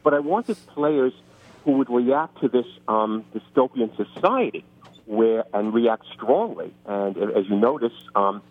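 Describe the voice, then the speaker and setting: A man's voice: medium pitch, animated, unhurried. A middle-aged man from the Bronx with a New York accent, an author chatting casually and self-deprecatingly about his books in an interview, often restarting his sentences. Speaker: author guest. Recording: phone-line audio.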